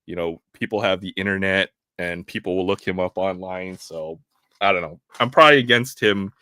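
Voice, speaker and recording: A man's voice: sits low, moderate pace, pushed and bright, clean tone, no echo, studio quality. A man hosting a live stream, chatting casually, often laughing. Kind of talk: casual chat.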